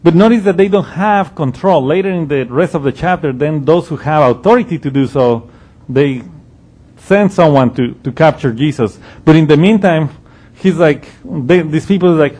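Man, Bible teacher, conversational explaining, slightly higher-pitched voice. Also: moderate pace, warm tone. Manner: conversational, explanatory, with frequent restarts and ums.

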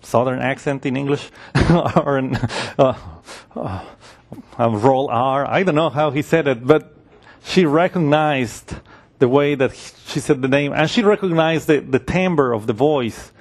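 A man's voice: medium pitch, unhurried. A man preaching a sermon in a conversational way, acting out the voices of the people in his story.

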